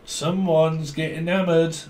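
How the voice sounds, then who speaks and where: A man's voice: fairly high pitch, level tone, slow, darkish tone, roomy sound. A man doing a tarot reading, rambling and jokey, often giggling. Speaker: tarot reader.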